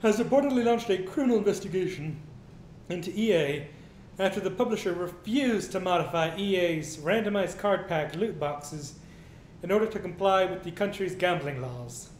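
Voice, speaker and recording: A man's voice: animated, normal speed. A man co-hosting a casual news commentary stream, ranting with profanity and reading news items aloud. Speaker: co-host. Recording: echoey room with faint rumble.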